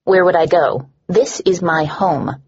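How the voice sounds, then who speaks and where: A woman narrator voicing a bitter, sharp-tongued young woman who sneers at everyone. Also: on the low side, a little slow, breathy edge, dull audio. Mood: scornful. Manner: sneering, scornful.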